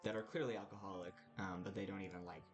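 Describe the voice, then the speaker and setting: A man's voice: deep voice, fairly even intonation, quick pace. A man narrating a tabletop game as game master, casually and with many hesitant fillers. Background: music.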